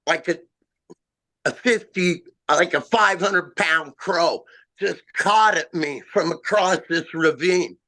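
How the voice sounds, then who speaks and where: A man with a slightly high, bright, forward voice recounts his own encounter. He speaks slowly and haltingly, with "you know" and "uh" scattered through his rambling story. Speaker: eyewitness guest. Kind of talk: first-person encounter story.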